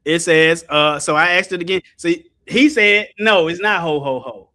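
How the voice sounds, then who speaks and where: A man's voice: fairly high pitch, normal speed, bright, forceful tone. A man hosting a casual online ministry stream. He talks animatedly and reads answers aloud to his chat. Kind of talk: casual teaching livestream.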